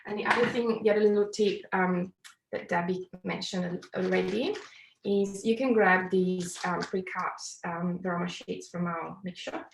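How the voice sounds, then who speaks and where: A woman's voice: on the low side, steady tone, normal speed, gravelly, slight background noise. Woman with an Italian accent, friendly step-by-step cooking tutor, recorded in a roomy kitchen. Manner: chatty, apologetic, step-by-step explaining. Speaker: cooking demonstrator. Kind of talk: live cooking class demonstration. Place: home kitchen.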